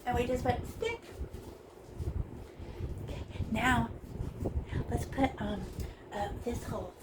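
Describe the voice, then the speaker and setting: A woman with a slightly high voice leads a casual painting lesson, chatty and playful as she talks through each stroke. Noise hums steadily behind her, with vehicles passing now and then. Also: fairly even intonation, slow pace, far from the mic. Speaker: painting teacher.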